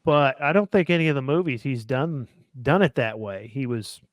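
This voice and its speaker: A man's voice: medium pitch, moderate pace, no room sound, studio quality. A man hosting a casual film discussion, rambling with many fillers and restarts. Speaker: podcast host.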